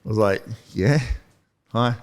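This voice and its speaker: A man's voice: fairly low pitch, measured pace, smooth. A man, hosting a casual motivational podcast and telling rambling, self-deprecating stories. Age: 50s. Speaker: podcast host.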